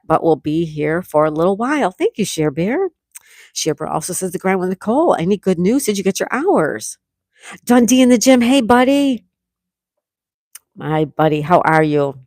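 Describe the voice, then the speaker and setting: A middle-aged woman hosting a casual livestream, reading viewers' comments aloud and chatting back warmly. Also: on the low side, dry recording, studio quality. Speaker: livestream host reading chat. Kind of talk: casual live chat.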